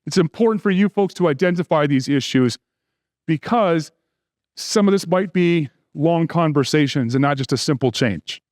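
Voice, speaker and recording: High-voiced man giving a joking conference talk. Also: normal speed, darkish tone, no echo, clean studio sound. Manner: conversational with joking asides. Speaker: security conference speaker.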